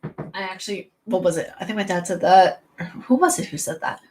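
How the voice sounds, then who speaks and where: A woman's voice: mid-range voice, a little fast, a little mellow, a little hiss or hum. A tired woman from New chats casually as a host. She rambles and often laughs as she talks. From New York. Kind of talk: casual chat.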